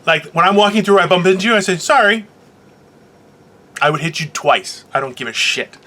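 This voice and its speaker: A man co-hosts a loose, comedic talk show, rambling and crude as he trips over his own sentences. His voice sits high and sounds bright and forceful. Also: lively intonation, quick pace. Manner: rambling, crude, jokey, restarts often. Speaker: co-host. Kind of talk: casual comedic chat.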